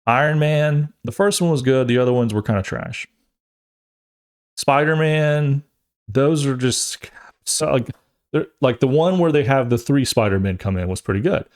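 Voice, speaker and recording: A young adult man hosting a podcast, chatting casually and rambling, jokey and animated, often restarting his sentences. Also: mid-range voice, moderate pace. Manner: animated, acts out quotes in funny voices. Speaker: podcast host. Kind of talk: casual chat.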